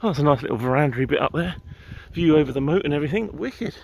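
A little high, gravelly, and animated, this English vlogger talks quickly as he strolls through gardens, rambling with the occasional swear. There's no room sound, just faint outdoor ambience and far-off garden machinery.

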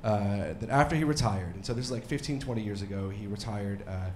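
Male stand-up comic, 30s, rambling and self-mocking, yells for laughs; roomy club sound, faint ambience. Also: fairly low pitch, a little fast, slight background noise. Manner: rambling, self-deprecating, bursts into mock yelling. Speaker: stand-up comedian. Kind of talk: stand-up comedy set. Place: comedy club stage.

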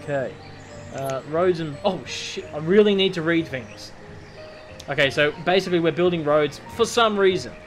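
An Australian man talks his way through a game tutorial in loose, rambling commentary, reading the on-screen text aloud and dropping the odd casual swear. His voice sits a little on the high side, and music plays clearly underneath him. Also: normal speed. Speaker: gameplay commentator.

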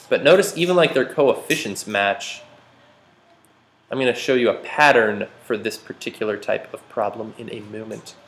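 A man's voice: mid-range voice, fairly bright tone. A man teaching a math class, joking and quizzing his students as he works problems. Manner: playful, jokey, asks the class questions. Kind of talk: classroom lecture.

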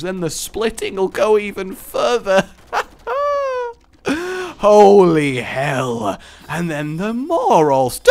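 A man giving casual let's-play commentary, excitable and gleeful, laughing often. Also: high voice, a little hiss or hum. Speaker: gaming commentator.

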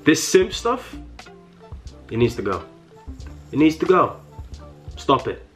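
A man's voice: fairly high pitch, big pitch swings, slow, faint music behind. A young man with a London accent rants to camera in mock fury, repeating himself, stammering and breaking into laughs. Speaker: comedy vlogger. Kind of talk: satirical rant to camera.

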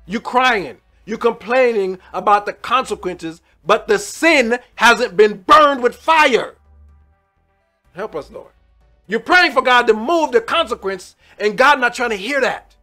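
A man preaching a sermon as pastor, swinging between loud outbursts and quiet asides, talking to the congregation in a plain, colloquial way. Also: high voice. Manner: colloquial, addresses the congregation as y'all.

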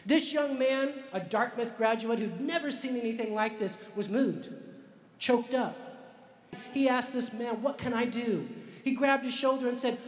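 A man telling a story to a live audience, slowing down for emphasis like a dramatic storyteller. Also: very high voice. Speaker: author and speaker. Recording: echoey hall with long reverb.

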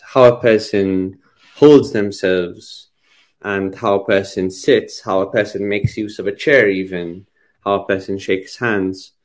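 A man giving a conversational teaching talk on medical communication, thoughtful, with frequent restarts and repeated words. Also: deep voice. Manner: thoughtful, many restarts and repetitions. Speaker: psychiatry lecturer.

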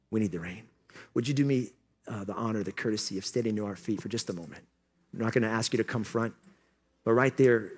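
A male pastor preaching a conference sermon, moving between joking asides and loud, impassioned exhortation. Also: medium pitch. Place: conference hall.

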